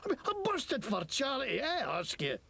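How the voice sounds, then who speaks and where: An actor playing a crooked, foul-mouthed game character who fakes an exaggerated Scottish brogue and rants indignantly. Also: male voice, extremely high pitch, huge pitch swings, normal speed, bright, forceful tone, heavily acted. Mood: ranting. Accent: exaggerated fake Scottish. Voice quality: gravelly, swooping. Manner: ranting, indignant, swears a lot.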